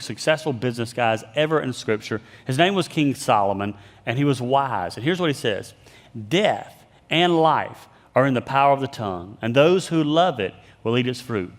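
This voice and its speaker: Guy giving a leadership sermon, lively storyteller, mid pitch, big echoey hall. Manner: animated storyteller, acts out quoted voices. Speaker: leadership speaker. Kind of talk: motivational talk with scripture.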